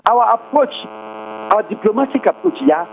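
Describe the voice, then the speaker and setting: A man's voice: high-pitched, unhurried, creaky. A Ghanaian man speaking as a guest commentator, impassioned and firing off rhetorical questions. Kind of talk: heated interview talk. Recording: tinny phone-like line, faint hum.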